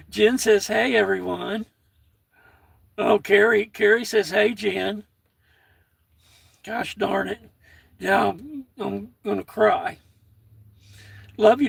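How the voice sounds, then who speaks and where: An older American man hosts his own livestream, his high, creaky voice carrying a breathy edge with no echo. He chats casually in a folksy way, reading viewer comments aloud and staying warm toward his chat.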